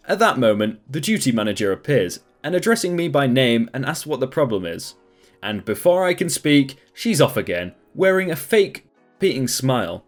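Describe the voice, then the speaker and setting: A man reading a first-person story aloud in a lively storytelling manner. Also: medium pitch, moderate pace, faint music behind. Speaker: story narrator.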